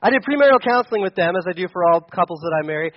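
A man's voice: high-pitched, expressive, racing, dry recording, lo-fi sound. A young man preaching a sermon as a pastor, conversational and storytelling, with frequent restarts. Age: young adult.

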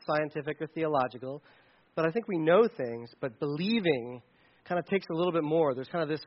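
A man preaching a sermon in a conversational, animated way, sometimes shouting for emphasis. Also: on the high side, fairly quick, dull audio. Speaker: pastor.

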